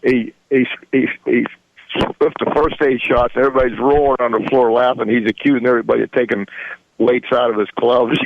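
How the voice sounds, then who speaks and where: A man's voice: mid-range voice, flat delivery, fairly quick, creaky, muffled recording, a little hiss or hum. A man in his sixties, a radio show guest, telling rambling stories in folksy grammar and chuckling often. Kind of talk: casual storytelling.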